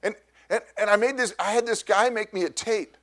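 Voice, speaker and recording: Middle-aged male pastor, high voice, loud and animated storytelling sermon, frequent restarts. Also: a little fast.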